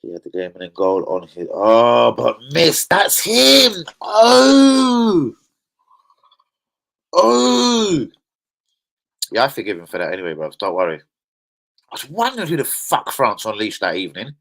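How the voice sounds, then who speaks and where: Animated football streamer. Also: male voice, deep voice, fast, low-quality recording. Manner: slangy, chatty, animated banter with chat. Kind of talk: casual live-stream chat.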